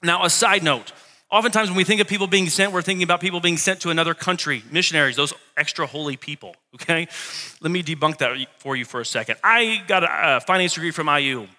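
A man's voice: fairly high pitch, quick pace, pushed and bright. A male pastor preaching a Sunday sermon, conversational and joking, repeating key lines for emphasis. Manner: conversational, with humor and asides. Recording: long reverb of a hall.

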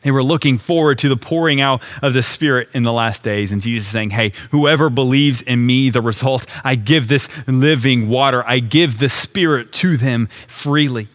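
A man's voice: mid-range voice, normal speed, hardly any pauses, fairly bright tone. A man preaching a sermon, walking through a scripture passage in an earnest, conversational way. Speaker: pastor.

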